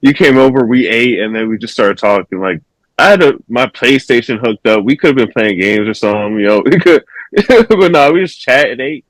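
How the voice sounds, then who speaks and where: A man's voice: medium pitch, animated, brisk, no echo, rough recording. A man chatting casually as a podcast guest, laid-back and laughing along. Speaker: guest, slap fighting champion. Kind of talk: casual chat.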